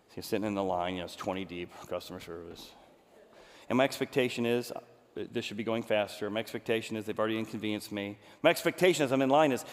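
Animated male pastor, echoey church hall. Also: medium pitch. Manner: animated storytelling, acts out quotes. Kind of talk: sermon.

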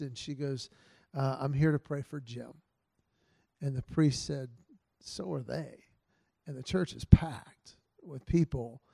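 A man speaks earnestly to a church men's group, his voice dark and mellow and sitting a little high for a man. He tells stories with feeling and drops softer for quoted lines. The sound is close and dry. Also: dry recording.

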